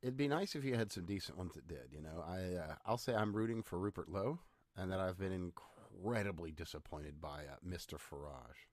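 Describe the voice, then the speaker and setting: A man chatting as a guest on a podcast, hesitant and given to trailing off quietly. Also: deep voice, animated, normal speed, no room sound. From United States. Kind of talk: casual podcast chat.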